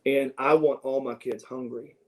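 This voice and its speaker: A middle-aged man telling stories from his youth in a casual interview, animated and prone to restarts as he acts out what others said. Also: medium pitch, normal speed, rough recording. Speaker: interview guest. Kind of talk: casual storytelling.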